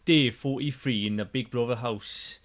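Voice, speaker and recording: A man doing an attempted Geordie accent as a male reality-show narrator, slow and measured like an announcer. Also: medium pitch, fairly bright tone, voice pushed down, lightly acted. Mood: mock-solemn.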